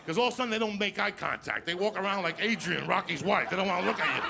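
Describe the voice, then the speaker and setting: A man tells crude stand-up stories on a live stage. His voice is gravelly and fairly high for a man. The crowd can be heard clearly behind the stage mic. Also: expressive, background noise. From New Jersey. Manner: crude, loud, rapid storytelling, repeating "you understand me?". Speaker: stand-up comedian. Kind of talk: stand-up comedy set. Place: live comedy stage with audience.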